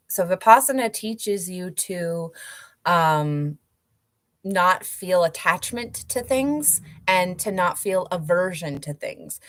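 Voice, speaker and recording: A woman hosting a show, reading a book passage aloud slowly and then chatting casually with many fillers. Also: on the low side, fairly bright tone, dry recording. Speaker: host.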